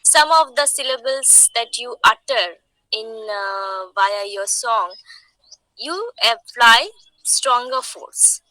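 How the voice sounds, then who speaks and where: A woman's voice: fairly high pitch, expressive, slow pace, pushed and bright, no echo, low-quality recording. A woman from India with an Indian English accent, teaching a class. She explains patiently, repeats her points and asks the students questions. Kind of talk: online lecture.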